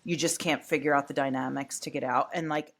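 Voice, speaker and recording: A woman's voice: rumbling low, steady tone, a little fast. A woman co-hosting a podcast in casual chat, retelling scenes and mocking people in quoted voices. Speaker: podcast co-host.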